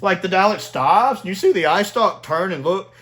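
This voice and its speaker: A man talks through a review in a loose, chatty way, laughing often and scattering "like" through his sentences. His voice sits a little high and swings widely in pitch, with a bright, forceful edge. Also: animated, normal speed. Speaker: video reviewer. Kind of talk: casual spoken review.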